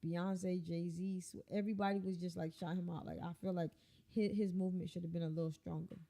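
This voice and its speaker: A woman's voice: fairly low pitch, steady tone, a little fast, vocal fry, mellow. A woman co-hosting a casual podcast chat, a little drunk and slurring, blunt and emphatic. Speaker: podcast co-host.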